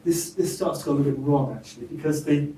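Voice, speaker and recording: A man giving an academic seminar talk, halting, with frequent restarts and fillers. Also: on the high side, mellow. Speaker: lecturer at a symposium. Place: seminar room. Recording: roomy, distant mic, faint hiss.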